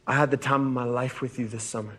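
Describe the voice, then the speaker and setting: A man's voice: medium pitch, steady tone, a bit bright, close to an everyday voice. An actor playing an earnest young man confessing love in a stage musical recording. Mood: tender. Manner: earnest, slow. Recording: roomy cast recording with music.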